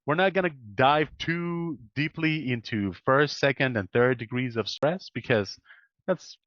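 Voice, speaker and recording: A man's voice: medium pitch, a little slow, no room sound, highs cut off. A man teaching English pronunciation one-on-one, patiently correcting and modeling sounds on a video call.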